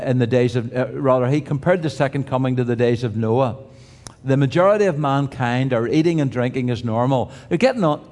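A man's voice: a little high, a little mellow. An older man preaching a sermon in a conversational way, with restarts and humorous asides. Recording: reverberant hall.

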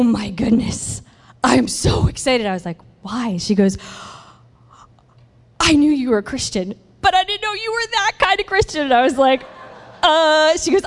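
A woman telling a church congregation a personal testimony and acting out the people in it. Her voice is mid-pitched and carries a long hall reverb. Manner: animated, acts out the other people in her story. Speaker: church member sharing a testimony. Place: church sanctuary.

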